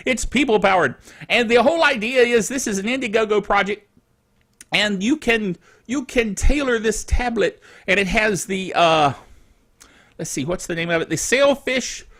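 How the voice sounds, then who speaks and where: High, lively chatty man. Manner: chatty, rambling, chuckling asides. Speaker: tech news host. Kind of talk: casual tech news chat.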